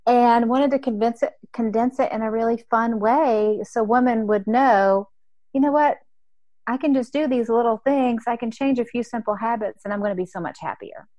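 A woman with a Southern drawl talks as a podcast guest, chatty and warm as she tells her story. Her voice is mid-pitched and sounds dry and close to the mic, with no room around it. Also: moderate pace, no room sound, dull audio. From American South. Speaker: author and guest. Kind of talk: podcast interview.

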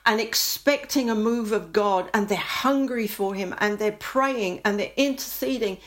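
A woman giving an earnest, impassioned Christian testimony, sometimes dropping to a soft near-whisper when moved. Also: medium pitch, a little slow. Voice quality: earnest, prayerful, rising to fervent intensity.

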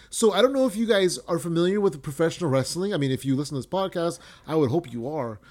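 A man's voice: fairly high pitch, animated, fast talker, hardly any pauses, darkish tone. A young man hosting a wrestling podcast, ranting casually with lots of swearing, fillers and restarts.

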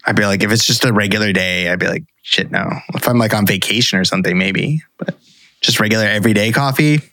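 A man in casual podcast chat, telling animated stories, swearing freely and laughing often. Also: on the low side, quick pace, no room sound, studio quality.

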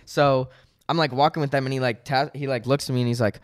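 A man's voice: mid-range voice, quick pace. A young man co-hosting a podcast, telling a story in casual chat, acting out the people in it. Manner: animated storytelling, acts out quoted people. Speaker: podcast co-host.

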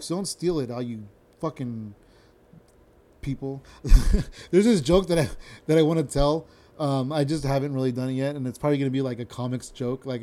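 A man's voice: mid-range voice, mellow. A young adult man, a stand-up comedian, talking casually and rambling on a solo podcast, who tends to slur his words and swears freely.

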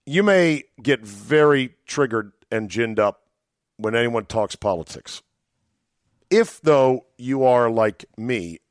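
A man's voice: mid-range voice, dry recording, clean studio sound. A man hosting a solo podcast, talking in a sardonic, rambling way with chuckling asides. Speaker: podcast host.

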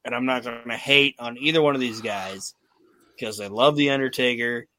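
A man's voice: mid-range voice, moderate pace, bright, forceful tone, dry recording. Laughing man recapping a wrestling show. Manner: laughs often, acts out quotes in put-on voices. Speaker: podcast host. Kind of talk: casual podcast chat recapping wrestling.

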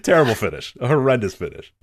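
A man's voice: medium pitch, sing-song, no echo. A man co-hosting a podcast, rattling off wrestling history in casual chat, laughing and swearing often. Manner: rapid, laughing, profane rundown of wrestling history. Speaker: podcast co-host.

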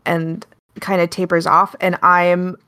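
A woman's voice: on the low side, level tone, takes it slowly, clean tone. An American woman from Alaska with a Pacific Northwest accent, chatting casually on a podcast and telling a story in a talkative way. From Alaska, United States. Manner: talkative, storytelling, says she is loud. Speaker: podcast co-host. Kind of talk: casual chat.

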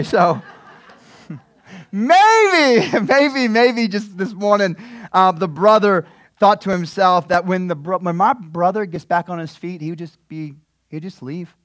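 Brief: male pastor, high voice, dry close sound, lively sermon delivery. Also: no room sound. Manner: animated, repeats words, acts out scripture scenes.

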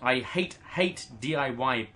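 A man co-hosting a podcast in casual chat, tossing in quick jokes. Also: mid-range voice, pushed and bright. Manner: quick joking interjections. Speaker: podcast co-host.

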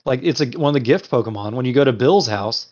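Young man telling animated podcast stories. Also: mid-range voice, quick pace, lo-fi sound. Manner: animated storyteller acting out voices in anecdotes. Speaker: podcast co-host. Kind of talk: casual chat.

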